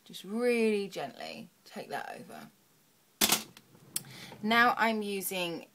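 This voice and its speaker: In a sing-song, mid-range voice, a young woman takes her makeup tutorial slowly, chatty and muttering softly to herself as she works. She's a beauty vlogger, and there's slight background noise.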